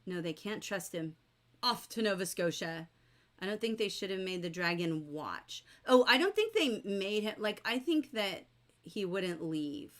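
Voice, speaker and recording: A middle-aged woman teaches a book class over a livestream, reading passages aloud and reacting to viewers' comments. Her voice sits at an ordinary middle pitch, and her delivery is lively and chatty. She moves quickly from quotes to questions for her audience. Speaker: teacher leading a novel study class.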